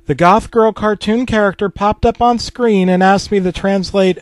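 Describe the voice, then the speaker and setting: A man's voice: sits high, steady tone, normal speed, no echo. A man reading a comedic creepypasta in a mock-serious, self-deprecating tone, swearing freely. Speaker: narrator.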